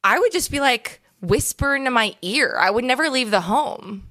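A woman's voice: a little high, normal speed, no room sound. Podcast co-host, woman, gushing and chatty, recorded in a dry room. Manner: gushing, animated, swears casually. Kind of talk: casual chat.

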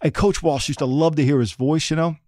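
A man's voice: fairly high pitch, fairly even intonation, fairly quick, a little mellow, no echo, studio quality. A middle-aged man co-hosting a football podcast, talking in an emphatic, repetitive way and often checking in with "okay?". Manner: emphatic, repeats points, says "okay?" often. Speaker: podcast co-host, former NFL front office. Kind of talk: casual sports talk.

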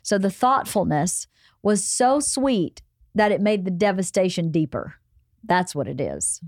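A woman's voice: on the low side, very animated, measured pace, a little mellow, no room sound, studio quality. A middle-aged woman hosting a casual family podcast chat, explaining feelings in a coaching way. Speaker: podcast host, mother.

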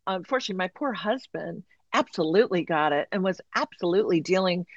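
Animated woman telling her story. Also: fairly low pitch, fast talker, no room sound, lo-fi sound. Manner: animated, acts out quoted voices. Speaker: guest. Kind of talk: candid personal story in conversation.

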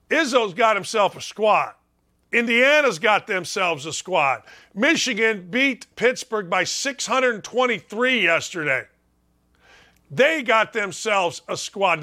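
A middle-aged man running a sports talk show, his voice pitched high and cutting with a sharp, bright edge. He talks in a brash, mocking way and keeps circling back to the same jabs. Opinionated sports talk from start to finish. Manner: brash and mocking, repeats punchlines.

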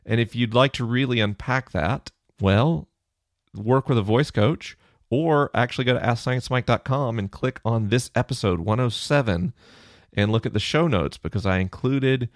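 A man hosting a science Q&A podcast alone in his office, explaining in a relaxed, conversational way into a close microphone. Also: medium pitch, normal speed, no room sound. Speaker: podcast host answering listener questions. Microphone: close studio microphone off to the side of the mouth.

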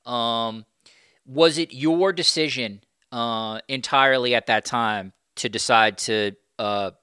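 A man interviewing a guest, asking careful, measured questions. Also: medium pitch, bright, forceful tone, clean tone, no room sound, studio quality.

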